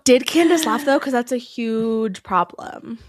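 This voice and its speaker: A woman's voice: fairly high pitch, expressive. Blunt young woman podcast co-host. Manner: fast, blunt, acts out quotes from the show. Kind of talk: casual chat recapping reality TV.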